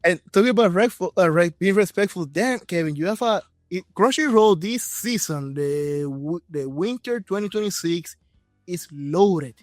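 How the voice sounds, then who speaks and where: Spanish-native guy hosting a pod, high voice, super excited, dry mic. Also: normal speed, no room sound, faint music behind. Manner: excited, chatty, rephrases often. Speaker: podcast host. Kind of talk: casual interview chat.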